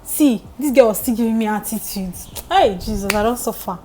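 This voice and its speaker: A young Nigerian woman vlogger telling a story in lively, emphatic casual chat. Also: fairly high pitch, brisk, a little hiss or hum, low-quality recording.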